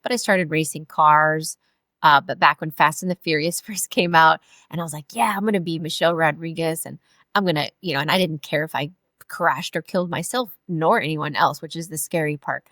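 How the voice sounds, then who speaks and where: A woman in her forties from California, a podcast guest telling her life story in a halting way with many fillers and restarts. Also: low-pitched, a bit bright, dry recording. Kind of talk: personal storytelling in an interview.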